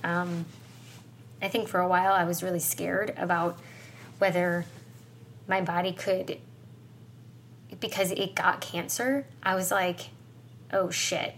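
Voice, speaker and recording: A woman's voice: lowish voice, fairly even intonation, a little slow, long pauses, slight background noise. A woman co-hosting a podcast, talking in a casual, reflective way and getting choked up and tearful as she opens up. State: choked up, crying. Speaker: podcast co-host. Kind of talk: casual heartfelt conversation.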